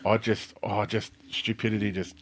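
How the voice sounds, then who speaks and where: A man's voice: on the low side, little pitch movement, moderate pace. An Australian man in his forties, a podcast guest chatting casually and bluntly, swearing freely and acting out what his family says. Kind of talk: casual chat.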